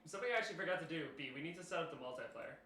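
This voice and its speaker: A man's voice: a little high, lively intonation, very fast, pushed and bright. A young man streaming live, chatting casually with viewers in a rambling way full of fillers. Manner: rambling, many fillers and restarts, addressing chat. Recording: roomy echo with faint noise.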